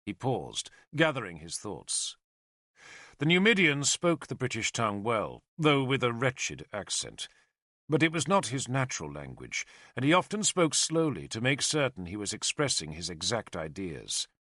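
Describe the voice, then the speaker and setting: Male storyteller with a lively, bright delivery and a low voice. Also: normal speed, no room sound, clean studio sound. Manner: expressive storytelling. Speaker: audiobook narrator. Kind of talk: scripted narration.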